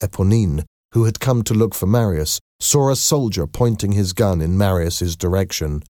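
A man narrating a story in a slow, expressive reading style. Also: low voice, dry recording, clean studio sound.

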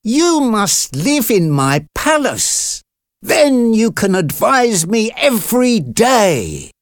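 A man voicing an excitable, eager Moorish king in a storybook reading, with slow, emphatic exclamations. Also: sits high, dry recording, studio quality, voice pushed up, exaggerated voice. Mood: commanding.

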